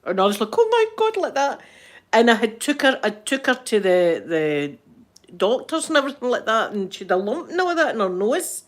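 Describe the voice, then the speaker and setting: A woman's voice: mid-range voice, expressive, normal speed. A middle-aged Scottish woman hosting a live stream, chatting casually with viewers, laughing often and mimicking other voices. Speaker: ASMR livestream host.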